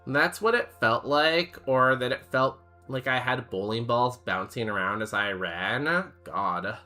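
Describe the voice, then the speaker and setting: A man's voice: medium pitch, measured pace, bright, forceful tone, soft background music. A young man streaming a game, chatting casually with his chat in a rambling, jokey way full of fillers. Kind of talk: casual chat while playing and reading chat.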